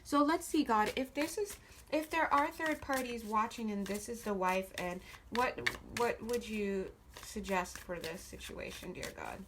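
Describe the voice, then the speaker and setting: With background noise audible, a camera filming cards on a table records a woman doing a casual tarot reading. Her voice sits on the high side and her pace is measured. She swears freely and speaks bluntly, her intonation rising and falling a great deal.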